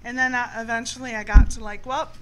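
A woman's voice: fairly high pitch, little pitch movement, quick pace, noisy background. A middle-aged woman hosting a frank, casual chat show and swearing freely. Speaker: host.

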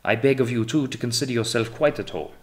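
A man's voice: mid-range voice, quick pace, voice pushed up, close to an everyday voice. A man voicing a polite, suave young French privateer captain in an audiobook reading. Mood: politely courteous. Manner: courteous, smoothly formal.

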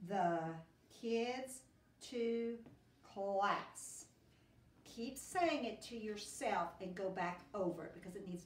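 A woman teacher giving a phonics lesson to young children, patiently sounding out words in chunks. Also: medium pitch. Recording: roomy, distant classroom recording with faint hiss.

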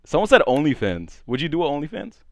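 Young man, drunk, rambling slangy chat, swooping animated pitch, dry close sound. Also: fast talker, no echo. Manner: rambling, stuttering, slangy, restarts a lot. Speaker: streamer on a dating show. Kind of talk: casual chat.

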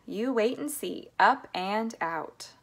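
A woman reading aloud and voicing a calm, cheerful eccentric candy maker who stays unflappable. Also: mid-range voice, slow, breathy edge, exaggerated voice. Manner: breezy and unflappable.

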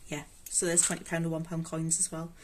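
Geordie woman, self-mocking and chatty, slightly low voice, audible background noise. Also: completely flat delivery, brisk. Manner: chatty, self-mocking, talks to herself while counting. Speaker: budgeting vlogger. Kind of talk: casual chat while counting cash. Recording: clear background noise with rustling notes.

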